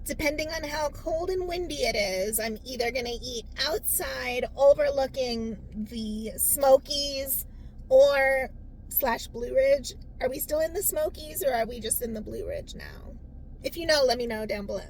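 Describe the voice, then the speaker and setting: Woman, travel vlogger, casual chat to camera, high voice, steady background noise, self-filmed camera mic. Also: a little slow, poor audio. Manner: chatty, talks straight to viewers. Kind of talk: casual solo vlog chat.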